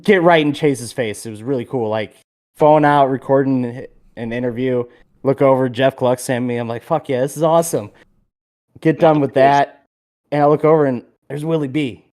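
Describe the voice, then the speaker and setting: A man co-hosting a podcast in casual chat, telling a story with animated energy and plenty of swearing. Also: mid-range voice, normal speed. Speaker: podcast co-host.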